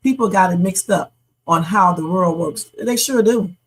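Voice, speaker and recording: A woman's voice: lowish voice, normal speed, husky, rough recording. A middle-aged woman hosting a reaction livestream, giving blunt, emphatic commentary straight to her chat.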